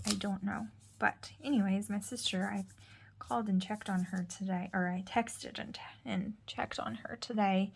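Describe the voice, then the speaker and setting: A woman's voice: medium pitch, gravelly, slight background noise. A woman in her thirties, a mother chatting casually and rambling to her viewers as she vlogs. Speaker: vlogger. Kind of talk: casual chat.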